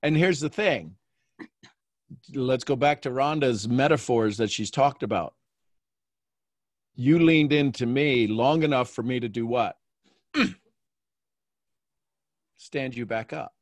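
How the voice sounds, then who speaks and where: A man hosting a coaching call, talking in a playful, animated way and acting out little quotes. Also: medium pitch, slow pace, long pauses, dry recording. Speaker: host and mentor.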